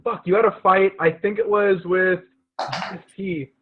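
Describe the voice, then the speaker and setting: A man's voice: high voice, steady tone, a little slow, a little hiss or hum. A young man hosting a casual podcast, telling rambling stories and laughing at himself. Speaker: podcast host. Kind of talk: casual chat. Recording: tinny phone-like sound.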